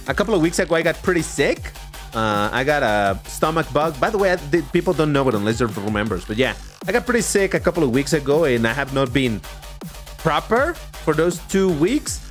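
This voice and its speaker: Lively, chatty man with light Mexican accent. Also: fairly high pitch. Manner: chatty, excitable, quick to laugh. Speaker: livestreaming racing gamer. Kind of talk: casual live commentary while gaming.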